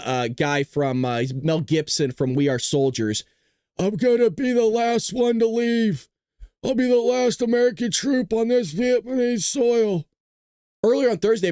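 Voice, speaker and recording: This is a slightly high male voice, recorded cleanly in a studio with no echo. He hosts a casual news commentary stream, swearing, joking, and repeatedly dissolving into giggling laughter, and he sounds worn out from a late night.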